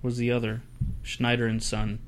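A man's voice: mid-range voice, completely flat delivery, normal speed. A man with an ordinary mid-range voice talks through beers on a casual podcast. He hedges, restarts his sentences and thinks aloud. Faint room noise hums in the background. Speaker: podcast co-host. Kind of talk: casual beer-tasting chat.

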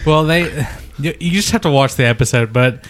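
A man's voice: medium pitch, normal speed. A man on a casual podcast, sheepishly explaining a running joke. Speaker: podcast co-host. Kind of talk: casual storytelling chat.

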